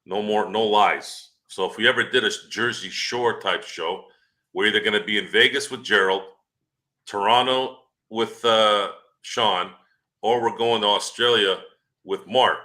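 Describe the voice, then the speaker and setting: A man co-hosting a casual sports podcast, telling animated stories, swearing freely and acting out the people he quotes. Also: fairly low pitch, unhurried. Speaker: podcast co-host.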